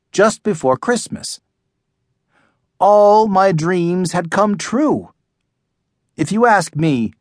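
A man reading a children's audiobook in a slightly high, animated voice. He takes an unhurried pace with plenty of expression, and the recording is close and dry. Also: dry recording. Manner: lively first-person storytelling. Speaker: audiobook narrator. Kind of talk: scripted children's audiobook narration.

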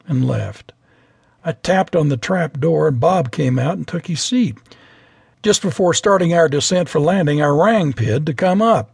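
Man, memoir audiobook narrator, husky, higher voice, very dry booth sound. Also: normal speed, dry recording. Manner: lively storytelling, voices every character.

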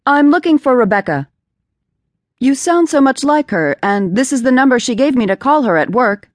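A man's voice: very high-pitched, big pitch swings, moderate pace, no echo, clean studio sound. A woman narrator voicing a polite, confused young man who grows angry on the phone. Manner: confused, polite at first, then hostile.

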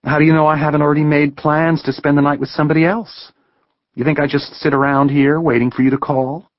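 A man's voice: little pitch movement, fast talker, no echo, lightly acted. Man voicing a teasing sleepy young woman, raised voice, dry close sound, slightly muffled. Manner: higher, lighter voice for the woman.

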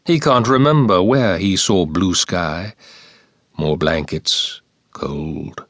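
A man reading war poetry aloud as an audiobook narrator, in a slow, measured and solemn recitation. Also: low-pitched, a bit bright, no room sound, clean studio sound.

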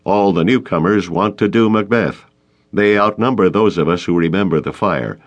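A man reading an audiobook, voicing a gruff middle-aged male group president. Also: deep voice, normal speed.

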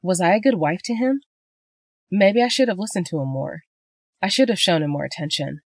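A woman's voice: lowish voice, lively intonation, brisk, darkish tone, husky, no echo. A woman voicing a betrayed wife and mother who speaks in heated, angry bursts, in a dry-sounding audiobook reading. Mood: doubting. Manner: heated, raising her voice in anger.

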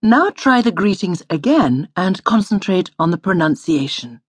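A woman instructor reading a scripted audio language lesson in a studio, slowly modelling each word to repeat. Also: fairly low pitch, big pitch swings, husky, no room sound. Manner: patient, slow model pronunciation.

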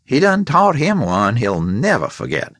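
A man's voice: mid-range voice, wildly swooping pitch, a little slow, a bit bright, dry recording, studio quality, full character voice. A man narrating an audiobook voices a small, flashy male gangster who taunts his victim in street slang. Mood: grim. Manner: street slang, mocking menace.

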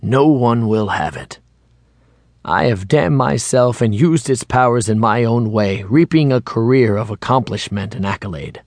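A man voicing an aging male author who is fearful and burdened by guilt, speaking in a low, soft, brooding tone. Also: measured pace, no echo, studio quality.

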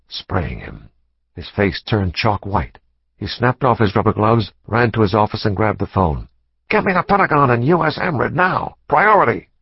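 A man narrating a thriller audiobook in a measured, dramatic reading style. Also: fairly low pitch, slightly rough, dry recording, lo-fi sound. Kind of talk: scripted narration.

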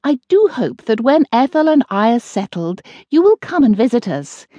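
A woman voicing a kindly, sensible witch who talks gently and patiently, in a close dry studio recording. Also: a little high, sing-song, normal speed, no echo, dull audio, voice pushed up.

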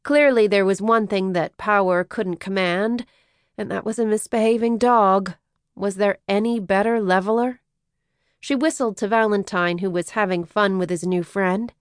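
Smooth-voiced woman reading an audiobook. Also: mid-range voice, steady tone, normal speed, no echo, clean studio sound. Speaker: audiobook narrator. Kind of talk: scripted audiobook narration.

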